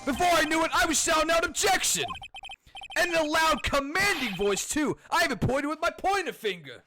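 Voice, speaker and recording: A man voicing a bumbling, eager male detective who talks loudly and apologetically. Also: extremely high pitch, animated, fairly quick, loud music behind the voice, pitched above the performer's own voice. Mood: flustered. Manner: loud, apologetic, blustering.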